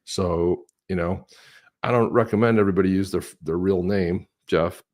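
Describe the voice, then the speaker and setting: A middle-aged man co-hosting a casual livestream chat, telling stories with lively impressions of other people. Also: low-pitched, moderate pace. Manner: animated storyteller, mimics others with a raised voice. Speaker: co-host of a crypto livestream.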